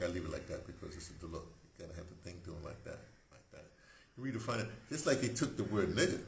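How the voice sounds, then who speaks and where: A man around seventy, hosting a rambling, casual monologue, often breaking off and circling back mid-thought. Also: fairly low pitch. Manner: digressive, self-interrupting, conversational. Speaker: host. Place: room, indoors. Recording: echoey room with faint hiss.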